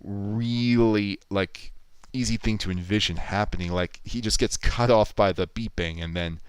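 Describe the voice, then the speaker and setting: A man's voice: on the low side, measured pace, smooth, no room sound, low-quality recording. A man chatting casually on a livestream, thinking aloud and reading viewer comments out. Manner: musing, thinks aloud, reads chat comments out. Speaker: livestreamer editing a video.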